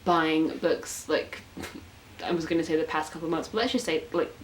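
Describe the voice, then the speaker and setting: A woman's voice: sits low, fairly even intonation, moderate pace, poor audio. A 19-year-old woman chatting casually as a book vlogger, gushing and self-mocking, with lots of filler words. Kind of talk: casual chat. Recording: faint hiss.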